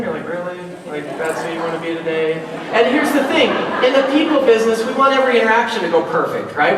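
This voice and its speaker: Man from Utah, keynote speaker, high-pitched, animated storyteller, distant mic in a big echoey convention hall. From Utah, USA. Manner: animated storyteller, acts out dialogue, conversational asides. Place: large convention hall, live audience.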